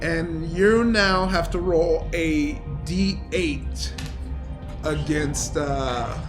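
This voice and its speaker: A man's voice: on the high side, extremely slow, over music. A man narrating as game master, loose and rambling, with lots of fillers. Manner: loose, rambling narration with many fillers, breaking into loud voices for characters.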